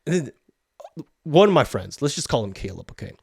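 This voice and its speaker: A man's voice: mid-range voice, big pitch swings, a little fast, vocal fry, darkish tone, slightly rough, dry recording. A man hosting a podcast, telling a story in a blunt, profane, heated rant. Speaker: podcast host. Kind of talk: ranting storytelling.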